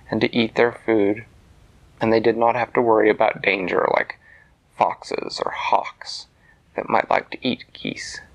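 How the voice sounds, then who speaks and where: A man telling a bedtime story to a child in a gentle voice that sometimes drops to a soft whisper. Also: lowish voice, low-quality recording.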